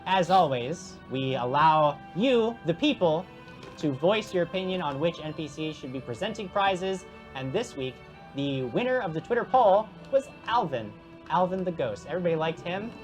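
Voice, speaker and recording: A woman's voice: fairly low pitch, lively intonation, normal speed, faint music behind. A woman hosting a streamed tabletop game, announcing giveaways in a playful, giggly promo style. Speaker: host and game master.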